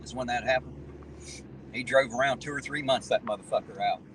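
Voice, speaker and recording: A man's voice: mid-range voice, brisk, fairly bright tone, a little hiss or hum, poor audio. Blunt, folksy man. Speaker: livestream host. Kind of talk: casual chat on a live stream. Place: inside a car.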